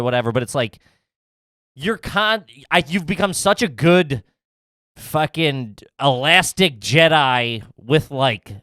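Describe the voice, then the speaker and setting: Animated, laughing podcast co-host man. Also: fairly high pitch, dry recording, clean studio sound. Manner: animated, swearing, laughs often. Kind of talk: casual banter.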